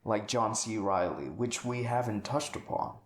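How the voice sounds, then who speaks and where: A man's voice: on the low side, a little slow, slight background noise. Rambling man podcaster in a roomy space. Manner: rambling, exclamatory, swears casually. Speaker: podcast co-host. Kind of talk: casual film discussion. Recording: roomy echo.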